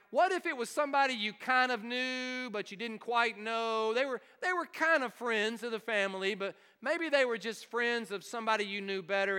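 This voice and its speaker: A man's voice: high-pitched, bright, forceful tone, clean tone, big-room sound. A man preaching a sermon, emphatic and questioning his congregation. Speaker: pastor.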